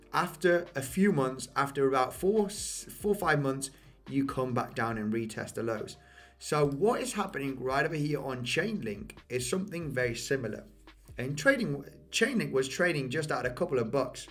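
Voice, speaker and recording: A man giving casual market commentary over price charts, losing his voice, repeating himself and often asking "okay?". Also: medium pitch. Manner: repetitive, addresses viewers as guys, frequent "okay?" and "you know". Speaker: crypto market analyst.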